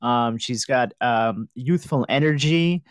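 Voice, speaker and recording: Male co-host, mid-pitched, halting delivery, dry close mic. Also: no room sound. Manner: hesitant, many ums and likes, laughs easily. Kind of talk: casual chat.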